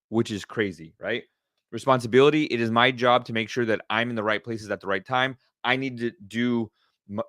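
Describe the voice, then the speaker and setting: A middle-aged man hosting a casual solo podcast, talking with excited energy and often repeating himself. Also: medium pitch, dry recording, clean studio sound. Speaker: podcast host.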